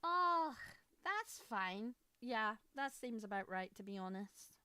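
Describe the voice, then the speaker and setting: A woman's voice: medium pitch, a little slow, fairly bright tone, clear, resonant tone. A woman in her thirties with an Edinburgh Scottish accent, reacting on stream in a chatty, exclamatory way with frequent swearing, speaking into a studio mic at home. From Scotland, Edinburgh. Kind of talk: casual reaction commentary. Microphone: Shure studio mic.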